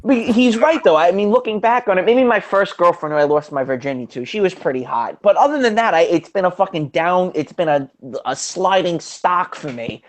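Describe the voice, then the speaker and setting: A man's voice: sits high, expressive, a little fast. A young man in a casual chat, telling blunt stories full of swearing. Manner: blunt, profane storytelling. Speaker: podcast co-host.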